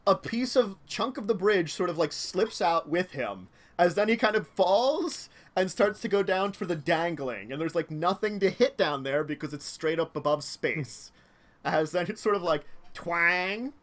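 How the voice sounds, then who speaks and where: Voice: medium pitch, fairly bright tone. A game master narrating a tabletop game, rambling with many fillers and little laughs.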